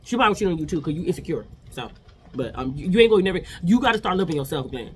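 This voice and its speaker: A woman's voice: on the low side, lively intonation, very fast, a little hiss or hum. A woman in her forties giving a chatty, opinionated casual recap of reality TV episodes.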